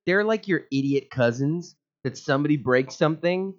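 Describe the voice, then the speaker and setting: A man's voice: on the high side, normal speed, dull audio. A man co-hosting a casual podcast, trading dry jokes and banter. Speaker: podcast co-host. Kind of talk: casual chat.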